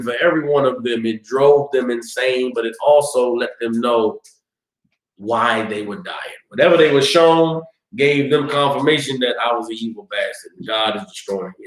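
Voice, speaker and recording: A man teaching a scripture class, telling the story in a lively way and acting out screams and cries. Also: mid-range voice, echoey room, rough recording. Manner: animated storytelling, acts out screams.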